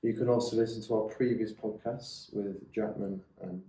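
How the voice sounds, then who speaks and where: A man's voice: fairly low pitch, lively intonation, normal speed, vocal fry, mellow. A man, co-hosting a podcast in a chatty, teasing, rambling way. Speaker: podcast co-host. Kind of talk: casual chat. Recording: echoey room.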